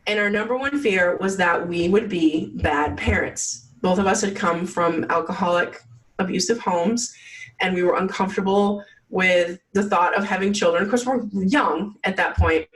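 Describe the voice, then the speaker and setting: A woman's voice: lowish voice, moderate pace, far from the mic, rough recording. A woman guest telling her story in a casual interview, chatty and full of "like" fillers. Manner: chatty, many "like" fillers, acts out quotes. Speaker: podcast guest.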